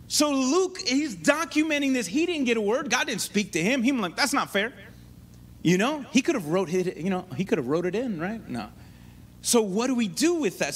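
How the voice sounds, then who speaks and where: A man preaching a sermon in an animated way, often checking in with his listeners. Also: high-pitched, breathy edge.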